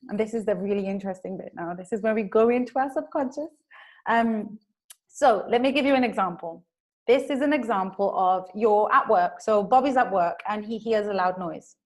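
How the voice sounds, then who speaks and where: A woman presenting a webinar on emotions at work, talking it through conversationally with frequent fillers. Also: mid-range voice. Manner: acts out people's reactions in quoted voices. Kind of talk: explanatory webinar talk.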